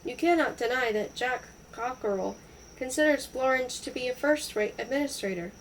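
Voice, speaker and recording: A brisk, no-nonsense wife answers in quick, clipped lines, read by a woman. The pitch sits a little high and the manner stays practical. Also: slight background noise, rough recording. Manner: brisk, mildly exasperated.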